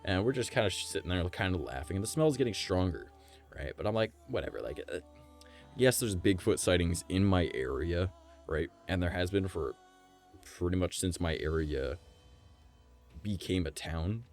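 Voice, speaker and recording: Brief: male streamer, low voice with a wide, bouncy range, rambling profane storyteller, faint music underneath. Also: normal speed. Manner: animated, profane, keeps checking in with "right?". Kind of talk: casual storytelling on a live stream.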